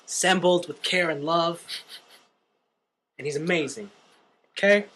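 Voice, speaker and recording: A man's voice: fairly high pitch, unhurried. A young man co-hosting a podcast, casually recapping a film and acting out the characters' lines. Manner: animated storyteller, acts out quotes. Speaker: podcast co-host.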